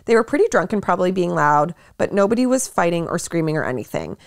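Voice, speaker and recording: A woman's voice: fairly low pitch, quick pace, gravelly, no echo, clean studio sound. A young woman co-hosting a podcast, chatting casually and reading a listener's post aloud. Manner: animated, laughing often, lots of likes. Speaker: podcast co-host.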